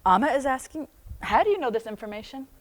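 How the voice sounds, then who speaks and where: A woman's voice: high voice, expressive, fast. An American woman reading aloud from her own book, breaking off often into chatty asides and laughing as she goes. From United States.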